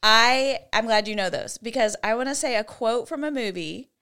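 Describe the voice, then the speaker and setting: A giggly woman in her forties co-hosts a podcast in casual chat, her voice sitting fairly high. She talks in a chatty, easygoing way. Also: normal speed, sharp tone, clean tone. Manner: giggly, chatty, quotes movie lines in put-on voices. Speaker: podcast co-host.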